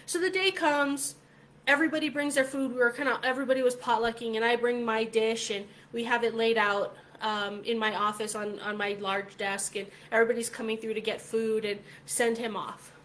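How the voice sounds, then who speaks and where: A middle-aged woman hosting a casual vlog, telling a story in a chatty, animated way, with lots of filler words. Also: on the high side, a little fast. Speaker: vlog host.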